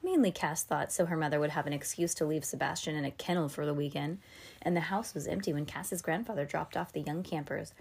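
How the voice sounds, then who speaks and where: A woman's voice: low-pitched, brisk, gravelly, slightly rough. Casual woman reading a kids' novel aloud. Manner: casual, with chatty asides. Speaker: podcast host.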